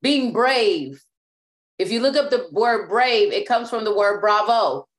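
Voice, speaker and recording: A woman's voice: medium pitch, lively intonation, a little slow. A woman preaching a sermon as apostle and teacher, speaking emphatically and often repeating and restarting words.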